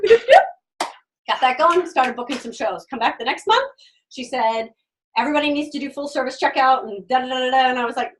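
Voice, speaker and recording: A middle-aged direct sales consultant with a high voice tells her personal story with lively energy, acting out the voices of people she met and laughing often. She sounds a bit distant from the mic, with a little hiss or hum.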